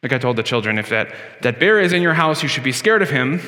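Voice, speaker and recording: A man preaching in a church sanctuary, talking to the congregation in a casual, conversational way. His voice is bright and sits a little high, and it rises and falls a lot as he presses his points. The sound carries a long, echoing church reverb. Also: animated, a little fast. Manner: conversational preaching, with frequent fillers and emphatic swings. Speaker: pastor. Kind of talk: sermon.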